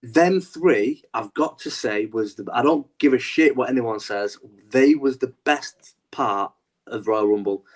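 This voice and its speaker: A man's voice: mid-range voice, measured pace. A man co-hosting a wrestling podcast, talking animatedly in a rambling, casual way with lots of restarts. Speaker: podcast co-host.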